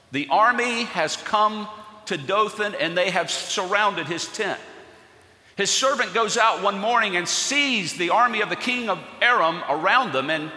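A male pastor delivers an earnest sermon with a bright, forceful tone and a slightly high voice. His words ring through a reverberant church hall with a long echo trailing each phrase. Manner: earnest storytelling, rising to fervent emphasis.

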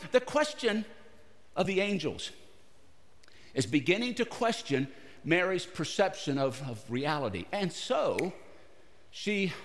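A man preaching a sermon with a high, very lively voice that rises and falls across wide swings of pitch. He speaks in short phrases broken by pauses and keeps putting questions to his listeners. The sound carries a long reverb from a large church sanctuary. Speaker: pastor.

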